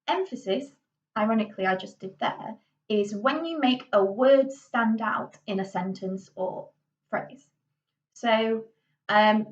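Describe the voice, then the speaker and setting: A young adult woman teaching drama in a chatty classroom tutorial, full of fillers and "okay"s. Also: medium pitch. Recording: dull, slightly distant lo-fi recording.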